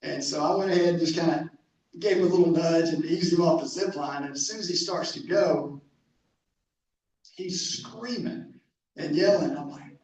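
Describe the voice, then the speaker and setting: A man working as a camp director, telling a story at a club meeting with halting restarts, heard from a distance in an echoey room. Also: a little high, a little mellow. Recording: echoey hall, distant mic, faint noise.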